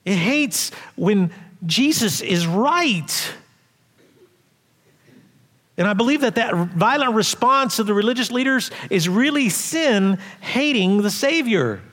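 A man preaching a sermon as pastor, animated, acting out quoted voices loudly and dropping to quiet asides. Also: high-pitched, takes it slowly. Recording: long hall reverb.

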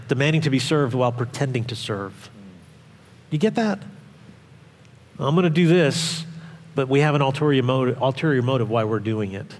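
A male pastor preaching a sermon in an animated way, acting out voices and asking the congregation questions. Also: mid-range voice, in a large hall, a little hiss or hum.

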